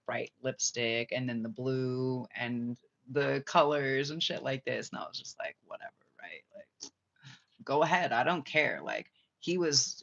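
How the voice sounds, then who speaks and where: A woman tells a winding personal story in a loose, profane way, slipping into other people's voices as she quotes them. Her voice is bright and forceful. The recording sounds dull and lo-fi. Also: very deep voice, gravelly. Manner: profane, rambling, acts out quotes. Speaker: spiritual reader. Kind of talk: casual storytelling monologue. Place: Bali.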